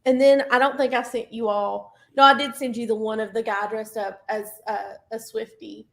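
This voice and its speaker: A woman with a notably high voice, co-hosting a reading stream in easygoing chat. She teases and jokes her way through the conversation. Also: little pitch movement, moderate pace, gravelly, fairly bright tone. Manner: teasing, laughing banter. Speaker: readathon co-host. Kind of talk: casual chat.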